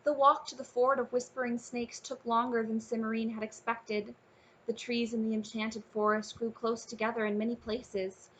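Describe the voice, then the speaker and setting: Woman reading a kids fantasy book out loud, bright sharp voice, kinda muffled sound. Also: medium pitch. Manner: warm, expressive storytelling, casually addressing listeners. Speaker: audiobook narrator. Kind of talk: reading a children's fantasy novel aloud.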